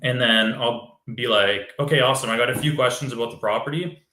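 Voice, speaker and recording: A man's voice: mid-range voice, brisk, sharp tone, roomy sound. A man, a real estate wholesaler, explaining step by step in casual chat and acting out sample phone calls.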